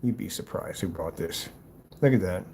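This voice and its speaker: A man reacting to a rival's screen paint video with mocking, exasperated commentary, swinging between loud outbursts and low muttering. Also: animated, normal speed, breathy edge.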